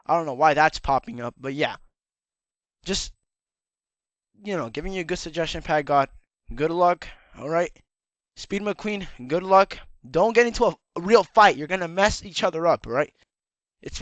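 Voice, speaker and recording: With a bit of brightness and a pitch on the high side, a man offers rambling YouTube commentary in a lecturing tone, his slightly worn voice cracking now and then. He keeps saying "all right?", and no room sound is audible.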